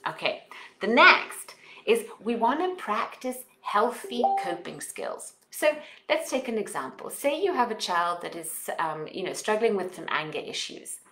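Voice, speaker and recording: A woman with a non-native English accent leads a self-help lesson on parenting. She coaches listeners through exercises with a lively, rising and falling voice. The room around her rings with echo. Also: medium pitch, measured pace. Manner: expressive, coaching, with call-and-repeat affirmations.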